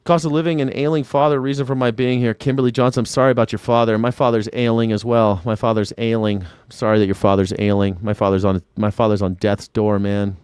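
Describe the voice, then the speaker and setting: An independent news and culture commentator livestreams loosely from his Southern California home, rambling, swearing freely and joking back at chat viewers by name. His lowish, slightly mellow voice moves quickly with little pitch variation and few pauses, sounding smooth and crisp on a close, dry mic.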